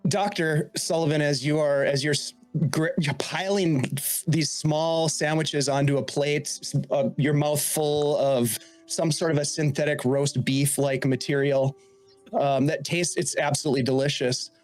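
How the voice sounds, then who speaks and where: A man narrating a sci-fi tabletop game as game master, describing scenes in a halting way with many restarts. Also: on the high side, steady tone, no room sound, soft background music.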